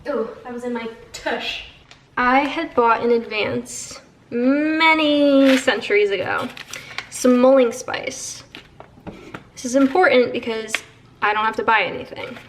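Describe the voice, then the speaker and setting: A woman's voice: a little high, unhurried, a little hiss or hum. A young woman vlogging casually at home, chatty and playful as she shows things to the camera. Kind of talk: casual vlog chat. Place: home, indoors.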